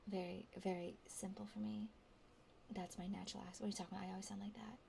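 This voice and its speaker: A woman streamer speaking in a soft whisper, reading verse and joking casually between lines, in a whispered role-play. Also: mid-range voice, flat delivery, fast talker, vocal fry, a little hiss or hum.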